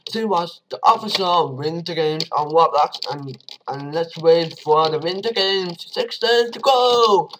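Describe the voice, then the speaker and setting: Excitable young gamer, slow-spoken. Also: male voice, on the high side, a little hiss or hum, low-quality recording. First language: Dutch. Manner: excitable, swings from shouts to mumbles. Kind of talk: let's play commentary.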